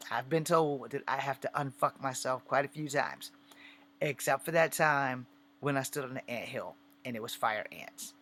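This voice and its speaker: A man's voice: medium pitch, moderate pace, a bit bright. A man ranting and telling a story to camera in blunt, profane, conversational talk. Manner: conversational, acts out the scene. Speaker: vlogger. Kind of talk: casual rant and storytelling to camera.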